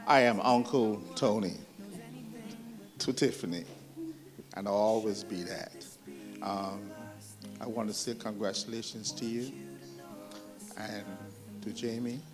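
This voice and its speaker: A middle-aged man, the bride's uncle, giving an earnest, measured wedding toast with pauses. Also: fairly low pitch, over music. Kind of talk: wedding speech. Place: wedding reception with music playing.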